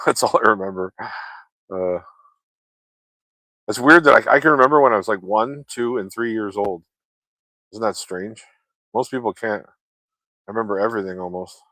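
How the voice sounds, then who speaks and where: A man with a fairly low voice talks loosely to his viewers, drifting from one story to the next and swearing often. The sound is dry and close, with no room around it. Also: normal speed, pauses often, pushed and bright, no room sound. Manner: loose, chatty, swears freely, laughs often. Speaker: vlogger chatting with viewers. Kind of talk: casual rambling chat.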